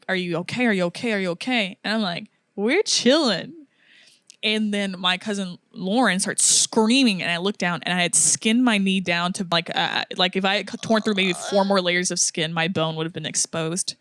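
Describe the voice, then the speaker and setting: A young woman co-hosts a casual podcast, spinning a story with lively acted-out quotes and easy laughter. Her voice is mid-pitched and sits close to the mic with a dry, dead sound. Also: dry recording. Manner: animated storyteller, acts out quotes, laughs often. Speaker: podcast co-host.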